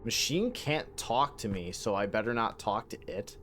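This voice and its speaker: A man's voice: fairly low pitch, very animated, moderate pace, fairly bright tone, a little hiss or hum. A man streaming a video game from his home setup, chatting casually into a desk mic with rambling, profane jokes. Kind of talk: casual live-stream commentary.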